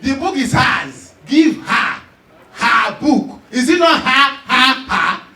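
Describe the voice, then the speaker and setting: A man with a Nigerian accent performing stand-up comedy, telling stories loudly and animatedly with shouts and laughs. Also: very high voice, expressive, slow, reverberant, recorded from a distance, low-quality recording.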